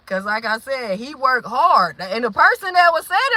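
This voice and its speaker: Bright-voiced, blunt woman venting. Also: high voice, a little slow, long pauses, dry recording, rough recording. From Milwaukee, Wisconsin. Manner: animated, blunt, confrontational. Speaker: vlogger. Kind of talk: venting monologue.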